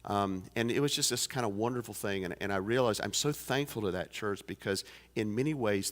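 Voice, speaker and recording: A man's voice: on the low side, brisk. A pastor in his fifties telling a folksy story during a sermon, with many fillers and restarts. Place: church sanctuary. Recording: long church reverb.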